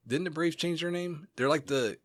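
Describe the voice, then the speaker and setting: A man's voice: on the high side, normal speed, no room sound, clean studio sound. A man co-hosting a podcast in casual chat, rambling with lots of fillers and blunt, profane opinions. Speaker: podcast co-host. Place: home studio. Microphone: studio mic.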